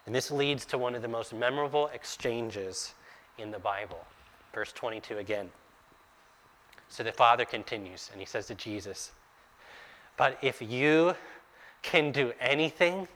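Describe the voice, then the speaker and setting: A male preacher delivers a sermon at an unhurried pace. His voice is bright and forceful. He acts out the quoted dialogue with mounting intensity, then drops almost to a whisper for the intimate lines. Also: medium pitch.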